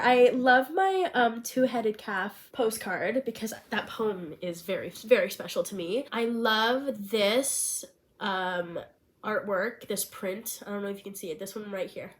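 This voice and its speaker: A woman's voice: mid-range voice, lively intonation, moderate pace. A young woman with a nasal, stuffed-up voice from a cold, chatting casually to camera as a vlogger from her small bedroom. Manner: bubbly, chatty, rambling. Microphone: pen-style handheld mic.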